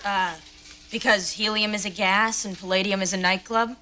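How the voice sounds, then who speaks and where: A woman's voice: mid-range voice, steady tone, normal speed, very noisy, close to an everyday voice. An actress playing a vain, self-absorbed teenage girl in a sitcom, with a ditzy, self-satisfied delivery. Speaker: teenage daughter.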